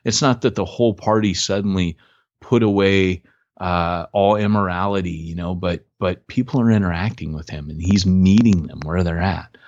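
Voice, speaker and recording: A man on a podcast tells a story in an easy, chatty way, and he jumps up into a higher voice when he quotes people. His voice sits low. The sound is dry and a little dull. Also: fairly even intonation, moderate pace, darkish tone, no echo. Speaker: podcast co-host, church planter. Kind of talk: casual storytelling chat.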